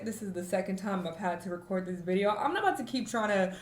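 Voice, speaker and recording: A woman from the United States talking frankly and reflectively to camera in a vlog, with fillers and emotional pauses, tearful at times. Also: medium pitch, echoey room. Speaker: vlogger.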